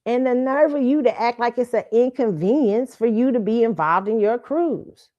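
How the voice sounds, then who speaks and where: A female show host delivers ranting opinion commentary that's blunt, profane, and mocking. Her voice is a little high, expressive, and slightly mellow at a normal speed, captured in slightly dull lo-fi audio.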